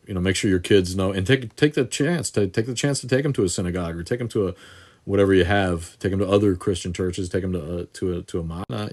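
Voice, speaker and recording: Host, male, very low voice, irreverent and crude, chatty live-stream feel, phone selfie mic. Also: a little mellow. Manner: irreverent, crude joking, rambling. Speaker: livestream host answering viewer questions. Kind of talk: casual live chat. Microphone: phone camera in selfie mode.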